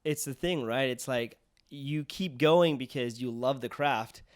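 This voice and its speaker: A man's voice: medium pitch, a little slow. A young adult man, a podcast host and actor, talking in an upbeat, agreeable way with frequent yeahs. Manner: upbeat and agreeable, lots of "yeah". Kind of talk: casual interview chat.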